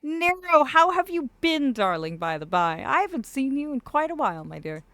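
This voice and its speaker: A woman's voice: high voice, very animated, normal speed, a bit bright, dry recording. A woman chatting casually with her livestream viewers, doting and theatrical, calling them darling.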